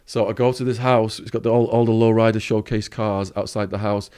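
A man's voice: lowish voice, fairly even intonation, a little fast, darkish tone, clear, resonant tone. English man telling a vivid story. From England. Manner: vivid storyteller, acts out quoted voices. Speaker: podcast guest. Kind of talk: storytelling interview.

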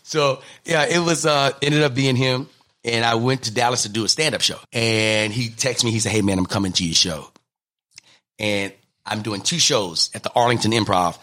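A man, a comedian, telling animated stories in an interview, acting out the people he quotes. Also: medium pitch, normal speed. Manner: lively, acts out quotes in different voices. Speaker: comedian and guest.

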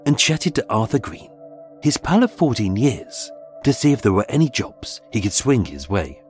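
A man narrating a scripted true-crime story in a measured, dramatic way, with suspenseful pauses. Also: medium pitch, very animated, darkish tone. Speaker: podcast host and narrator. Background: faint background music.

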